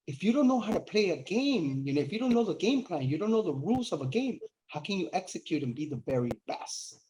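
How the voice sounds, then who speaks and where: An earnest man with a slightly high-pitched voice speaks as the head of a credit repair company in a relaxed interview. When he presses a point his voice climbs and his pace quickens. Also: poor audio. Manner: earnest, rises in pitch and speeds up when emphatic. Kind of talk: casual interview conversation.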